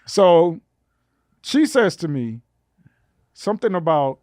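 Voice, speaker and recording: Animated storytelling man, dry close sound. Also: slow, dry recording. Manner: animated, acts out quotes with rising pitch. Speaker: podcast guest telling a story. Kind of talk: casual storytelling.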